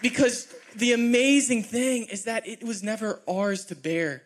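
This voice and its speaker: A man's voice: extremely high pitch, measured pace, a little hiss or hum. A man closing a sermon at church with an earnest, encouraging manner. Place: church auditorium.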